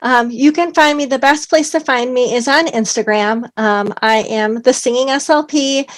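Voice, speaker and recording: A woman with a fairly high voice speaks as a guest in a relaxed interview. She sounds upbeat and explains things practically. Her talk is peppered with "um"s. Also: moderate pace. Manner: upbeat, uses expressive example voices; frequent "um" fillers. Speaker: guest, speech-language pathologist. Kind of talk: conversational interview.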